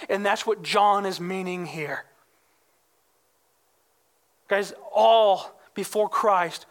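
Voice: medium pitch, fairly bright tone. A pastor preaching a sermon in an emphatic way, often calling the listeners "guys" and acting out the quoted questions in a raised voice.

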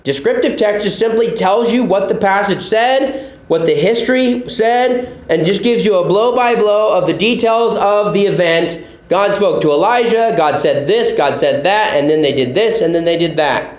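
A man's voice: sits high, moderate pace, hardly any pauses, echoey room, poor audio. A male pastor teaching a sermon, explaining a text step by step, repeating key points and putting questions to his listeners.

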